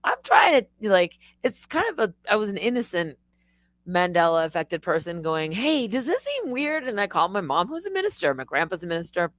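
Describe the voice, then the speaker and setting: A middle-aged woman rambles through a casual live-stream monologue, swearing and restarting her sentences as she goes. Her voice sits fairly low, and the close mic keeps the sound dry and near. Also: sing-song, a little fast, a bit bright, dry recording.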